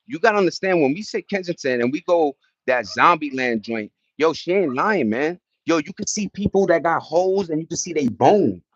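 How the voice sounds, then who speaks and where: A middle-aged livestream host with a slightly high voice tells loose, slangy stories in casual chat, pausing between them to greet viewers from the chat. The lo-fi recording has no room sound.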